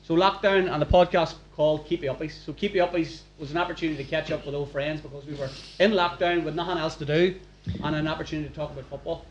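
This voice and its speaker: A man's voice: on the high side, steady tone, fast talker, lo-fi sound, a little hiss or hum. A man hosting a live podcast recording in front of a room, chatty and encouraging with questions. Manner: upbeat, chatty, prompting questions. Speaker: podcast host. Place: packed function room.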